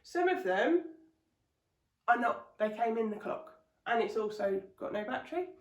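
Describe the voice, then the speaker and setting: A woman tells stand-up stories in a chatty, ranting way, swearing freely. Her voice sits a little high. She is recorded at home in an echoey room, some distance from the mic. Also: expressive, moderate pace, dull audio. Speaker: comedian. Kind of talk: stand-up comedy vlog.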